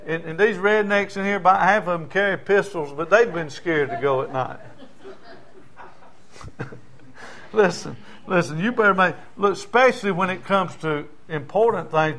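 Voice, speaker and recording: A man's voice: high voice, a bit bright. An older man, a pastor preaching in a folksy storytelling way, dropping into dialect. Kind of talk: sermon.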